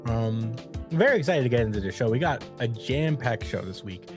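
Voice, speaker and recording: A man's voice: mid-range voice, animated, moderate pace, music in the background. A man hosting a podcast in casual chat, retelling scenes with easy laughs. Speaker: podcast host.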